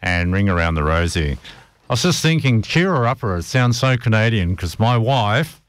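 A man's voice: on the low side, expressive, moderate pace, no echo, studio quality. A middle-aged man hosting a music radio show, chatting casually and grumbling jokily between tracks. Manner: chatty, rambling, jokey grumbling.

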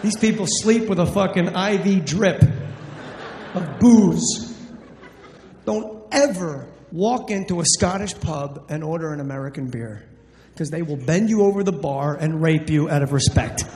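Profane male stand-up from New Jersey, higher voice, roomy live-hall sound. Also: measured pace, a little hiss or hum. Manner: brash, profane, deadpan asides. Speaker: stand-up comedian. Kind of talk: stand-up comedy storytelling. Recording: echoey live hall, faint ambience.

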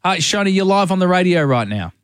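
A male radio host on a live call with a listener, excitable and playful, often stammering. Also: sits high, fast talker, no echo, clean studio sound.

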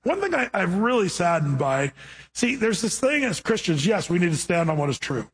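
A man preaching a sermon as pastor, animated and conversational, acting out quoted voices along the way. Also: high voice, normal speed, breathy edge.

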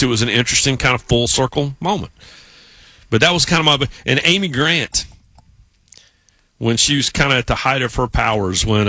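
A man's voice: medium pitch, sharp tone, dry recording. A man co-hosting a podcast, chatting casually and acting out the voices in his stories. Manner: storytelling, acts out quoted voices. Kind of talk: casual chat.

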